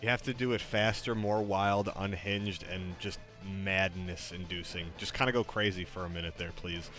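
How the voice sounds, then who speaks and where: A man's voice: low-pitched, steady tone, normal speed, fairly bright tone, faint music behind. A man streaming a game, chatting casually and coaxing his AI companion with requests.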